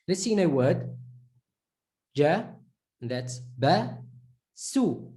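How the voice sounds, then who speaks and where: A woman gives a pronunciation lesson at an unhurried, very slow pace, drilling each syllable again and again. Her voice sits a bit low, and she breaks up the drills with short, encouraging praise. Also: very animated, dark tone. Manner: patient, drills sounds slowly with repetitions; encouraging, praises with "perfect" and "excellent". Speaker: Arabic reading teacher.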